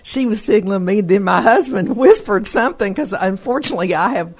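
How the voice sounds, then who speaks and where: A woman hosting a radio talk show, chatty and quick to laugh with her guest. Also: medium pitch, animated. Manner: friendly, chatty, laughs easily. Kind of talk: casual radio interview.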